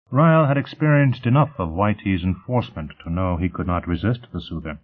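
A man reads an audiobook in a husky, fairly low voice. His pitch moves in a lively way, but the sound stays thin and phone-like. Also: fairly quick, hardly any pauses. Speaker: narrator. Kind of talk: audiobook narration.

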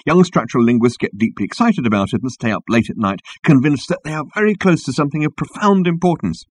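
A man narrating a story in a wry, lively manner. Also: mid-range voice. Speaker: audiobook narrator. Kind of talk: scripted narration.

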